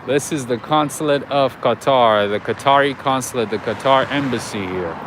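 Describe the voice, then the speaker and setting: A man hosts a live walk through city streets, chatting easily and answering his viewers as he goes. His voice sits at an ordinary middle pitch. Faint street noise runs underneath. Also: normal speed. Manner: chatty, storytelling, reads out viewer chat. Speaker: livestream host. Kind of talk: casual live walking stream, chatting with viewers.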